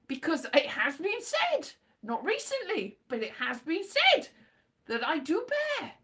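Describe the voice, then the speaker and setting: A woman's voice: sits high, sharp tone. A woman vlogging in a rambling casual monologue, playful and silly, slipping into sing-song asides.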